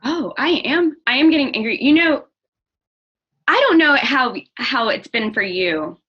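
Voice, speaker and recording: A woman's voice: high-pitched, animated, a little slow, husky. A young adult woman speaking openly and earnestly as an interview guest, often restarting her sentences. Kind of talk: candid personal interview. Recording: dull lo-fi audio.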